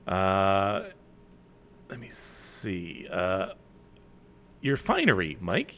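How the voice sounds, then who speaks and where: A middle-aged man from Canada hosting a live chat, reading viewer comments with loud bursts and quiet asides. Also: deep voice, wildly swooping pitch, very slow, pauses often. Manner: chatty, with many fillers and restarts. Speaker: host.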